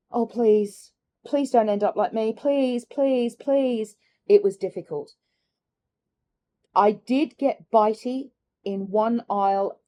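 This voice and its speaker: Mellow-voiced woman musing candidly. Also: mid-range voice. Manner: candid, musing, laughs softly between thoughts. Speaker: carnivore diet vlogger. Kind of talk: reflective personal vlog chat.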